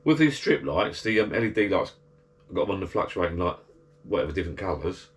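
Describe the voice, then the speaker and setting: A chatty man with a slightly low voice rambles to his action camera from a garden shed bar. He grumbles, sighs and talks in an easy, meandering way. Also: sing-song, quick pace. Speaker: vlogger. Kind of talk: casual chat to camera.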